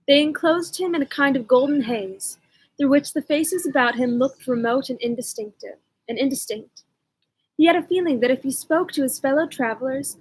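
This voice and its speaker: A woman reading a novel aloud at home in a measured, even narration. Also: sits high, breathy edge, dry recording, rough recording. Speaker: audiobook reader.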